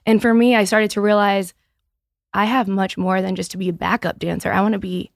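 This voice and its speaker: Speaking briskly in a creaky, medium-pitched voice, a Boston-area woman in her thirties who founded a business talks openly on a podcast as a guest. She's animated, says "like" a lot, and frequently restarts her sentences. The studio sound is clean, with no echo.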